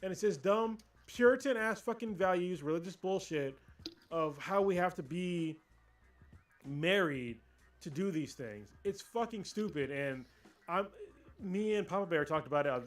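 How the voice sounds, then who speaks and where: A man co-hosting a casual livestream podcast, ranting and swearing freely in animated chat. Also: sits high, moderate pace. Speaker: podcast co-host.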